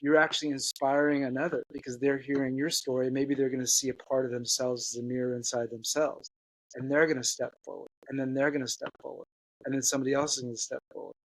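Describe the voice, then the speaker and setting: A man telling an earnest personal story as a guest, halting, with many restarts and fillers. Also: mid-range voice, little pitch movement, no echo, poor audio.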